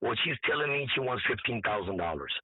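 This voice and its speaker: Hoarse man on a tinny line. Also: medium pitch, animated, no room sound. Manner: halting, repeats words, quotes others. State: hoarse, voice nearly lost. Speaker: event organizer. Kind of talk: casual interview storytelling. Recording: dry tinny phone-like line.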